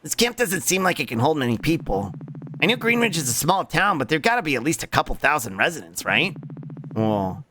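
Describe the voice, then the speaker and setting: A man's voice: a little high, sing-song, fairly quick, bright, forceful tone, slight background noise. A man voicing a curt, bossy official guarding a camp in a video game. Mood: stern. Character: stern, prickly official guarding a refugee camp.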